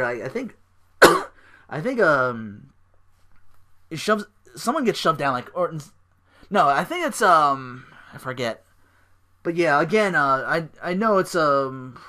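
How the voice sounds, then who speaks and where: A man hosts a casual solo podcast and recaps events in a loose, rambling way. He leans on fillers and swears freely. His voice has a bright, forward edge. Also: a little high, sing-song, measured pace, long pauses. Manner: rambling, profane, lots of fillers. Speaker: podcast host.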